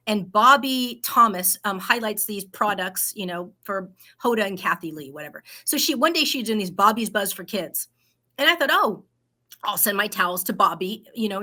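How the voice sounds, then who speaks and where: Woman, middle-aged, bright voice, animated storyteller, casual interview guest. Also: medium pitch. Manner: animated storyteller acting out quotes. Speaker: guest entrepreneur.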